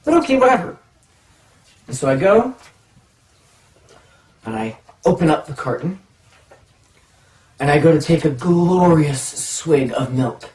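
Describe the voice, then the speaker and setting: A man telling a comic personal story to the camera, animated and self-mocking. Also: fairly high pitch, measured pace, long pauses. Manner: animated, self-mocking, acts out voices in his stories. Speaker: storytelling vlogger. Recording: echoey room, mic far off.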